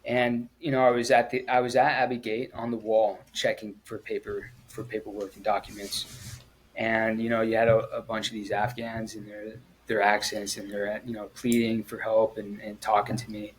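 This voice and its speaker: A man, a former Marine, telling his story in an interview in a halting, earnest way, with frequent pauses and restarts. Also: fairly low pitch, little pitch movement, slight background noise, rough recording. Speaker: guest, former Marine at the Kabul airport evacuation.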